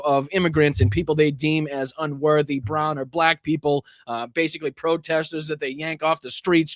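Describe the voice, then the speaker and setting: A man's voice: fairly high pitch, no echo, studio quality. A man hosting a political livestream, ranting angrily with heavy swearing and many fillers and restarts. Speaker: political commentary host. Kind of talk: livestream commentary.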